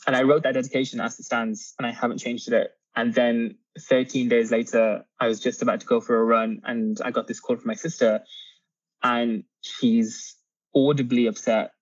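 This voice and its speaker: An earnest young man speaks as an interview guest, pausing and restarting as he talks. His voice comes through a dull, muffled line. The room around him sounds dry and close. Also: medium pitch, little pitch movement, no echo. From Britain. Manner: earnest, halting, with frequent ums and restarts. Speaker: author and guest. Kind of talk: candid interview conversation.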